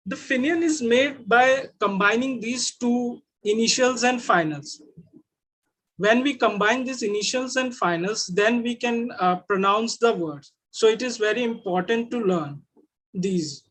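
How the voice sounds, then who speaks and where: A man with an Indian English accent teaching Mandarin sounds in an online class, repeating each sound slowly. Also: very high-pitched, fairly bright tone.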